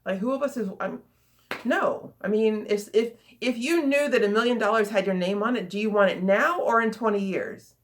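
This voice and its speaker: A woman coach giving a casual, chatty teaching talk, lively and repeating phrases for emphasis. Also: medium pitch, moderate pace.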